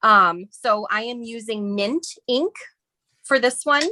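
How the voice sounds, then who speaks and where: A woman's voice: fairly high pitch, takes it slowly, pushed and bright, no room sound. A woman from near St. Louis, a guest designer who explains a stencil project in a friendly, chatty way and laughs often. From Southern Illinois, near St. Louis. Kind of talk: casual craft demonstration.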